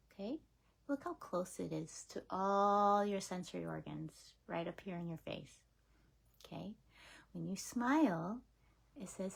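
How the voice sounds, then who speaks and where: A woman teaching laughter yoga in a casual, gentle coaching way, often dropping into whispers and playful laughs. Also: mid-range voice, gravelly, husky. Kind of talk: casual spoken guidance.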